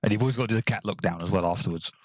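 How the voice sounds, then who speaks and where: Man, gaming commentary, lowish voice, rambling jokes, quiet muttered counting. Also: rapid-fire. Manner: rambling, joking, counts quietly under his breath. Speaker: gaming channel host.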